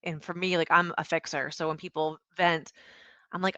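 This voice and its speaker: Speaking fast in a lowish voice, this woman is a founder and CEO guesting on a podcast. She's animated in the casual interview, performing snippets of quoted dialogue, and the audio has no room sound.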